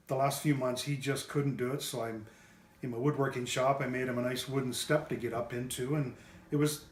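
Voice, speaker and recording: A man tells his story in a plain, mid-pitched voice. He pauses often and restarts his sentences, filling the gaps with fillers. The room around him is bare and roomy, so his voice echoes. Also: a little hiss or hum. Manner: halting, with many fillers and restarts. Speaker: pet owner giving a testimonial. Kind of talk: unscripted testimonial. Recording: roomy echo.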